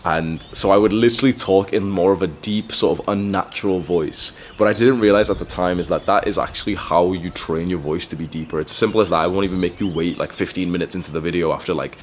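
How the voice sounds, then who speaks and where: A man's voice: sits low, slight background noise. A young man giving blunt, profane self-improvement advice in a casual, rambling monologue. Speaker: self-improvement video host.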